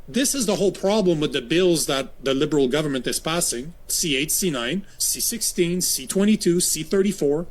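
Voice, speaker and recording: A man commenting critically on a new law, firing off rhetorical questions. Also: high-pitched. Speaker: political commentator.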